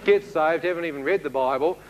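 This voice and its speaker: A man with a New Zealand accent preaches his own testimony in a lively, storytelling way, slipping into the voices of the people he met. His voice sits slightly on the high side. A faint hiss runs under the recording. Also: a little fast, muffled recording. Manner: animated storyteller who acts out dialogue, with laughs. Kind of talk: testimony sermon to a congregation.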